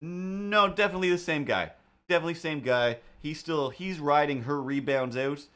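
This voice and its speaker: A man hosting a live stream, telling a rambling, animated anecdote in a casual tone. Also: a little high, moderate pace. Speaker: host.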